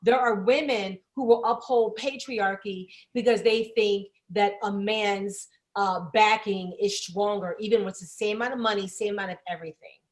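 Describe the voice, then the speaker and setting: A woman's voice: medium pitch, fairly even intonation, moderate pace, hardly any pauses. A woman comedian co-hosting a panel talk show, speaking bluntly and emphatically, with frequent swearing. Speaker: comedian co-host. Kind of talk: casual panel chat.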